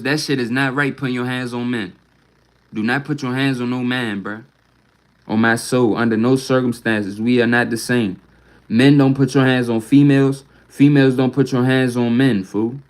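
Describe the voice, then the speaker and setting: A man's voice: mid-range voice, poor audio. A man venting on a casual livestream from home into a phone mic, rambling and profane, ending almost every phrase with "bruh".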